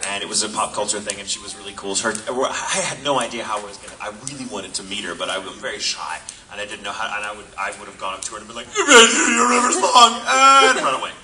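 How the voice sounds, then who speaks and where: A male voice actor on a convention panel, telling lively anecdotes and slipping into voices. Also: on the low side, racing, hardly any pauses, a crowd in the background. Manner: animated storytelling with put-on voices. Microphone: phone in audience. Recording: distant phone recording with noise.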